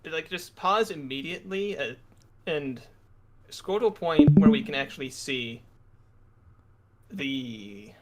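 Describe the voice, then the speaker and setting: Young man teasing a co-host, higher voice. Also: lively intonation, takes it slowly, long pauses, over loud music. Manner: teasing, dry. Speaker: channel co-host. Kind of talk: casual reaction chat.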